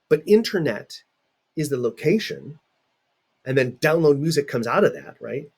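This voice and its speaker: A man's voice: fairly high pitch, expressive, normal speed, breathy edge. A middle-aged man teaching in a recorded video lecture, talking conversationally and putting questions to his students.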